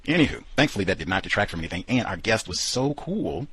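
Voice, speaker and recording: A man's voice: lowish voice, sing-song, fast talker, a bit bright, slight background noise, rough recording. A man hosting a radio talk program, telling stories animatedly with lots of quoted asides and fillers. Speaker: radio show host.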